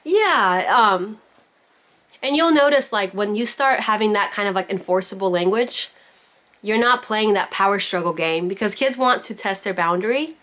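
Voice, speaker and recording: A woman leads a parenting class over a video call. Her voice sits at a middle pitch, and she talks in a loose, chatty way, stringing thoughts together with "like" and "you know". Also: normal speed, fairly bright tone. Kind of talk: casual virtual class teaching.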